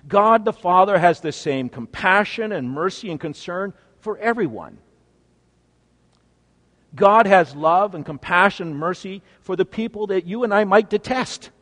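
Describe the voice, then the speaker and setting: A man preaching a sermon as pastor, swinging between loud, emphatic phrases and hushed, low ones. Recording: long reverb of a large hall.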